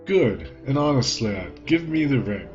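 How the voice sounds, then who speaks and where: A man's voice: medium pitch, very animated, a little slow, a little mellow, pitched above the performer's own voice. A man voicing a pompous, stern old male king in a video game playthrough, scolding in a haughty tone. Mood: approving. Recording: dull lo-fi with game music.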